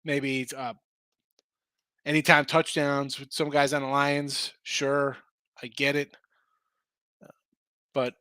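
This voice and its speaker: A man's voice: medium pitch, a little slow, long pauses, pushed and bright, no room sound. A man hosting a live sports betting show, tired and losing his voice, chatting casually about point spreads and answering viewers in the chat.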